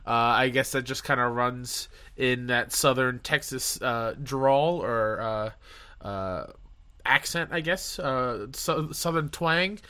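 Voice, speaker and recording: Guy hosting a chill podcast, bright forceful voice, friendly and kinda rambly. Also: medium pitch, slow pace, clean tone. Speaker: podcast host. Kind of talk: casual podcast intro and interview.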